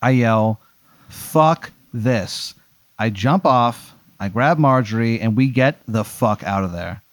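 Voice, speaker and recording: A man's voice: mid-range voice, unhurried, no room sound. A man playing along in casual chat, hesitant and stammering, blurting profanity. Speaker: guest.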